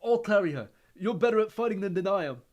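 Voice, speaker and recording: Male reader playing a loyal teen wizard boy, firm, thick-voiced, raised pitch and loud; audiobook. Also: animated, fast talker, lo-fi sound. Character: stubborn, loyal teenage boy wizard with a bloodied nose. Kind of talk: audiobook reading.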